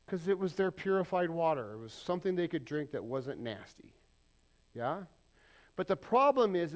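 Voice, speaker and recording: Middle-aged male pastor, slightly high voice, loose conversational sermon with a self-deprecating streak. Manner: casual and lively, with self-deprecating asides and acted-out quotes. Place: church sanctuary.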